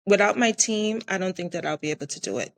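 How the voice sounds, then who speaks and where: A woman's voice: medium pitch, fast. A middle-aged woman from the Caribbean, a restaurant owner talking in a casual interview, earnest and repeating herself for emphasis.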